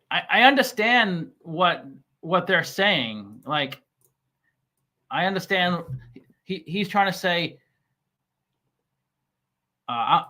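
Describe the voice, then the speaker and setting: Bright-voiced man chatting about stocks. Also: high voice. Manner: halting, stammering restarts and many fillers; reads scam email aloud mockingly. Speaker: stock commentary YouTuber. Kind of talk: casual chat.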